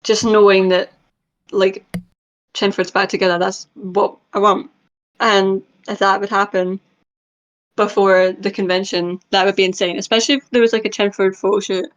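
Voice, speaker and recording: A woman's voice: mid-range voice, little pitch movement, moderate pace. A young woman co-hosting a podcast, chatting casually and making fun of herself. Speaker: podcast co-host. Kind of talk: casual chat. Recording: slightly dull sound.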